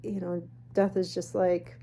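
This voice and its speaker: A woman telling a spooky personal story in a chatty, animated way with snarky asides. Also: on the low side, measured pace. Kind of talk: casual storytelling.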